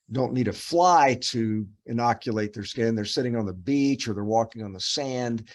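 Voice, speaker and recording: Man quizzing a resident, lots of ums. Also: mid-range voice. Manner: rambling, many fillers and restarts, quizzing the student. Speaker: dermatopathologist teaching residents. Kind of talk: case review teaching.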